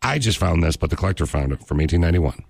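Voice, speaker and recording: A man's voice: sits low, animated, very fast, gravelly, very noisy. A man hosting a casual country radio show, joking and rambling with a co-host. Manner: joking, rambling, self-mocking. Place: radio studio.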